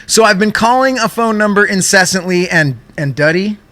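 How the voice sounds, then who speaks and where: Bright-voiced, high-pitched young man telling stories. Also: moderate pace. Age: young adult. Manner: animated storytelling, frequent swearing. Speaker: podcast co-host. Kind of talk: casual chat.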